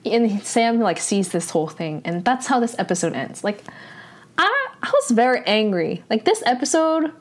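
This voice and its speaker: Woman recapping a drama ep, rambly with lots of "like", kinda exasperated, normal pitch. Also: big pitch swings, normal speed. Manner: chatty, frequent "like" fillers; exasperated, incredulous asides. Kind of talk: casual episode recap.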